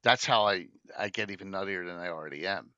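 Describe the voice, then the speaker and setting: A man's voice: low voice, fast, sharp tone, clean tone, no room sound, highs cut off. A middle-aged man hosting a casual tabletop gaming chat, rambling with many fillers and restarts. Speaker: podcast host.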